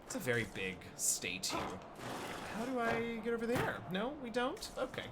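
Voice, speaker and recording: A woman streaming a game, chatting casually and breaking into excited exclamations and laughter. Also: a little high, moderate pace. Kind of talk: casual live-stream commentary. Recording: loud background noise.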